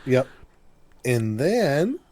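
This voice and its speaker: A man's voice: medium pitch, very animated, drawn-out words, mellow, no room sound. A man co-hosting a podcast in a casual recap chat, laid-back, often giving brief agreeing replies. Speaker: podcast co-host.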